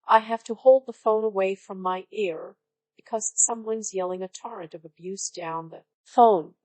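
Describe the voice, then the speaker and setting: A woman's text-to-speech voice reading online stories aloud in an even, synthetic-sounding delivery. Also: medium pitch, normal speed, dry recording, low-quality recording. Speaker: story narrator.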